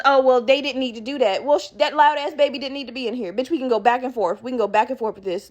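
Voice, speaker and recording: A woman hosting her own podcast, telling a story in a profane, animated way and laughing as she talks. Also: fairly high pitch. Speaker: podcast host.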